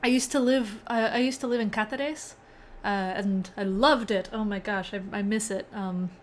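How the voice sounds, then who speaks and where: A woman's voice: medium pitch, steady tone, normal speed, a little hiss or hum. A young woman hosting a casual live-coding stream, chatting with viewers and often laughing. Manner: chatty, reads chat aloud, laughs often.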